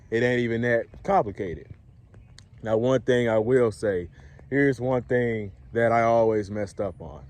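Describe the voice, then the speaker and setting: A man's voice: mid-range voice, a little mellow. A man talks straight to camera like a coach giving friendly advice. His voice sits in an ordinary middle register, and he keeps the tone loose and conversational. He chuckles now and then and keeps checking in with whoever is listening. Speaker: dating coach. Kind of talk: casual talk to camera.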